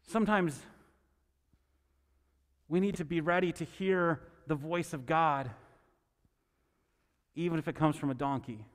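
High-voiced male pastor in a reverberant hall. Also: a little slow, pauses often. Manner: conversational, asks listeners "right?". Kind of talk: sermon with Bible reading.

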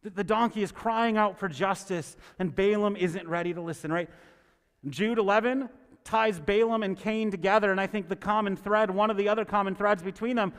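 A male pastor with a high-pitched, steady, smooth voice preaches a sermon and reads scripture at a moderate pace. He keeps it conversational, often checking in with listeners by asking "right?". The recording carries a long hall reverb.

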